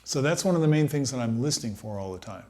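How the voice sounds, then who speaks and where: A middle-aged man talks through a trumpet lesson in an easy, reflective way. He speaks at a middling pitch and fills his pauses with small hesitations as he works out his thoughts. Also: lively intonation, darkish tone. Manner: thoughtful, unhurried, thinks aloud with many fillers. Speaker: trumpet teacher. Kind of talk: relaxed practice-room lesson.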